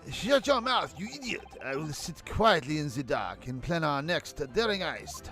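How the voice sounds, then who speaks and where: A man's voice: fairly high pitch, big pitch swings, normal speed, bright, forceful tone, faint music behind, voice pushed up. A man voicing a boastful French master thief in a put-on French accent, grand and theatrical.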